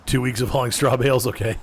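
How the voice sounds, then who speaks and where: A man's voice: mid-range voice, husky. A man streaming a driving game, chatting casually and answering viewers in chat by name as he plays. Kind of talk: casual gameplay commentary.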